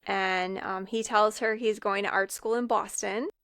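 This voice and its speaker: A woman's voice: medium pitch, steady tone, a little slow, a bit bright, no echo, clean studio sound. A woman co-hosting a podcast, casually recapping a film's plot scene by scene with frequent ums and fillers. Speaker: podcast co-host. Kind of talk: casual film recap chat.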